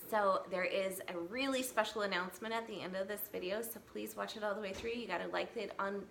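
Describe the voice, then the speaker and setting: A woman's voice: mid-range voice, brisk, vocal fry, a bit bright, a little hiss or hum. A woman in her thirties talking casually to her camera in an earnest, chatty way, with many fillers and restarts. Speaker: equine massage therapist vlogger. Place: home, California. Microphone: camera mic.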